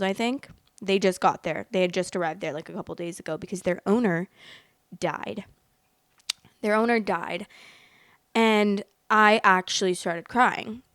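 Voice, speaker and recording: A young woman chats to the camera as a casual vlog host, rambling from thought to thought with plenty of fillers and strong feeling. Her voice is smooth and clear. It is recorded close and dry, with no room sound. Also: lowish voice, no echo. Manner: emotional, rambling, lots of "like" fillers. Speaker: host reading online stories. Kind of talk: casual chat reacting to stories.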